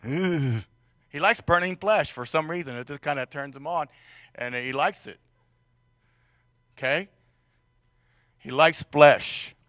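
A male pastor preaching with a high, bright, ringing voice. He talks to the congregation conversationally, throwing questions at them, and swings from loud outbursts to quiet, intimate stretches. The sound is close and dry. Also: slow, long pauses, dry recording. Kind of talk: sermon.

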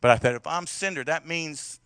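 A male pastor preaching a sermon in a conversational way, asking the congregation questions and swinging between loud and soft passages. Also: on the high side, normal speed, smooth, no room sound.

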